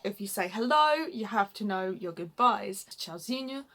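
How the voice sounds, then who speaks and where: A woman's voice: medium pitch, lively intonation, normal speed, loud music behind the voice. A woman from the UK co-hosting a casual Portuguese lesson, chatting loosely with lots of likes and ums. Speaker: co-host teaching Portuguese phrases.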